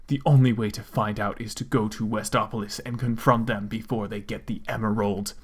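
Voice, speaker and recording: A man's voice: lowish voice, fairly even intonation, fairly quick. A man voicing a brooding, all-powerful male death spirit with grave, solemn pronouncements.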